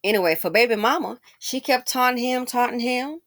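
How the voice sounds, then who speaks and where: Woman host with a sassy, animated commentary delivery. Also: a little high, fairly quick. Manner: animated, sassy, mimics people in quotes. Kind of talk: casual commentary.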